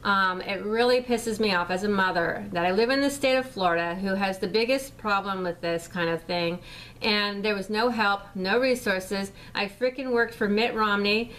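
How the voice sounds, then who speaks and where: A woman's voice: mid-range voice, moderate pace, fairly bright tone, rough recording. A middle-aged woman in a rambling, heated, profane rant for a vlog, swearing constantly. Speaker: vlogger. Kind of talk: angry profane rant to camera.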